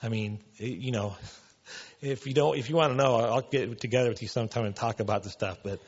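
A man's voice: medium pitch, brisk, a little mellow, muffled recording. A man preaching a casual sermon in a church, loose and conversational, full of "you know" and "man". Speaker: pastor.

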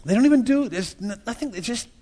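A man's voice: extremely high pitch, expressive, quick pace, dark tone. A man preaching a sermon in a church, folksy and joking, repeating words and acting out little everyday scenes. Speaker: pastor.

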